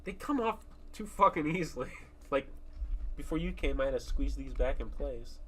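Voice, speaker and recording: A young man hosting a podcast in casual chat, crude and swearing, with loud outbursts. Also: medium pitch, animated, moderate pace, a little hiss or hum. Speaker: podcast host.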